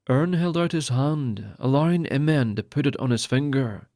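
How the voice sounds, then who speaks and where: A man reads an epic fantasy novel aloud in a steady, measured way. His voice sits at a middling pitch, and the recording is dry, with no room sound. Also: dry recording. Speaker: audiobook narrator. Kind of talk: scripted narration.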